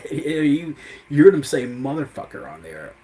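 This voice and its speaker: A man's voice: fairly high pitch, sing-song, slow pace, warm tone, low-quality recording. A man hosting a live show who recaps events in a casual, rambling way, full of "you know" and "I mean.".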